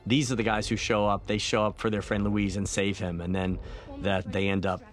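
A man, a film director, talking through his movie in a relaxed, reflective audio commentary, with many fillers and restarts. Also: on the low side, moderate pace. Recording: faint film soundtrack music underneath.

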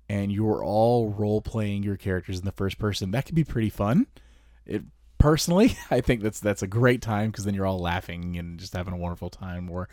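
A man with a lowish voice co-hosts a relaxed podcast chat, chuckling as he explains. The sound is close and dry, with no room around it. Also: no echo. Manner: chatty, laughs between points. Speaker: podcast co-host. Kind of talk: casual chat.

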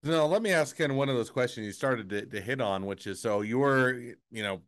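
Male podcast host, mid pitch, smooth tone, dry sound; thoughtful, rambling asker. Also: a little fast, a bit bright, dry recording. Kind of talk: casual interview chat.

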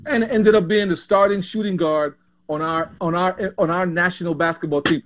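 In a casual interview, a Panamanian former professional basketball player in his sixties shares stories. His voice is fairly high and animated, and he keeps restarting and repeating himself as recollections tumble out.

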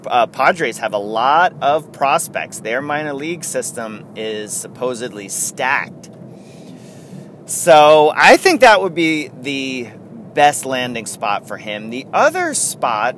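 A man's voice: medium pitch, fairly bright tone, slight background noise. A man hosting a casual sports podcast, rambling and correcting himself as he chats. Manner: rambling, self-correcting, chatty. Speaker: podcast host.

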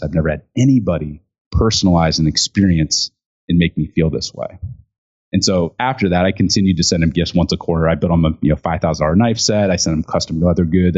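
Low-voiced man telling a story animatedly. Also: fast. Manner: animated storyteller acting out quotes with many fillers. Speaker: guest, speaker and author on gifting. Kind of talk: storytelling in an interview. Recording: dull lo-fi sound.

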